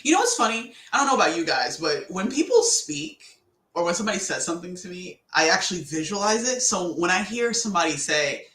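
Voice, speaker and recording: Slangy woman motivational podcaster, animated delivery, roomy echo. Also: on the low side, fairly quick. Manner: animated, chatty, slangy, laughs often. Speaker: podcast host. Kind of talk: casual motivational talk.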